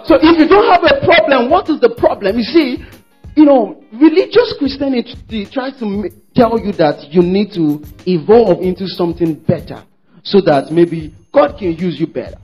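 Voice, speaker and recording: A man preaches with a high, husky voice, hammering points home and urging the congregation to repeat after him. He slips into quoted voices of troubled worshippers, then answers them firmly. The recording is dull and lo-fi, with faint music beneath. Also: animated, normal speed. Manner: emphatic, repeats phrases, calls for congregation responses; acts out worshippers' quoted words in shifting voices. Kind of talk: sermon.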